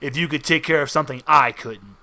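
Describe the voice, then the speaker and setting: A man voicing a calm, scheming male god with four arms and three faces, speaking in a measured, bargaining way. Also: fairly high pitch, vocal fry, pitched below the performer's own voice, heavily acted.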